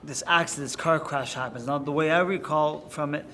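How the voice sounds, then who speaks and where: A man's voice: on the high side, brisk, bright, forceful tone, a little hiss or hum. Admiring middle-aged male podcast host. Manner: admiring, leading questions, backchannels often. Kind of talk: interview.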